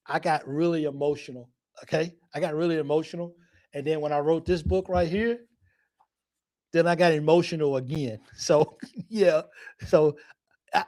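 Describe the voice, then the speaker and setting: A man's voice: fairly high pitch, darkish tone. Chatty man hosting a fan stream. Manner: chatty, rambling, repeats himself, laughs often. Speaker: fan show host. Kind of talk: casual live-stream chat.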